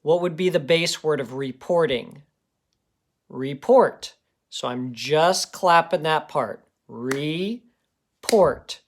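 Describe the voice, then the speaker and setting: A man's voice: a little high, unhurried, few pauses. A man teaching a recorded phonics lesson to young students. He talks patiently and encouragingly and sounds out words part by part.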